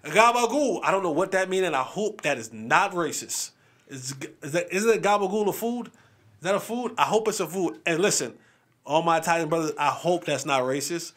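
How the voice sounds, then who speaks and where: A man with a high, bright, forceful voice hosts a sports show. He runs through his game picks in a loose, playful chat. He stacks up repeated lines to drive each pick home. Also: normal speed. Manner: animated and playful, repeats phrases for emphasis.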